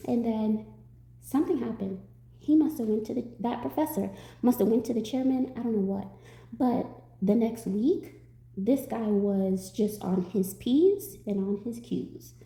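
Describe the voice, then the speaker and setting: Woman, tarot reader, storyteller; dark gravelly voice, roomy sound. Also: on the high side, unhurried. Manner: animated storytelling, acts out quotes. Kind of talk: storytelling to viewers.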